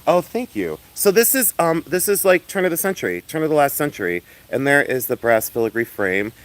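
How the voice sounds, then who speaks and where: A loud, flamboyant man hosting a casual livestream outdoors, chatting with viewers and laughing often as he shows off his finds. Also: fairly high pitch, very animated, a little fast. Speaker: livestream host selling and showing jewelry. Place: outdoors in the sun.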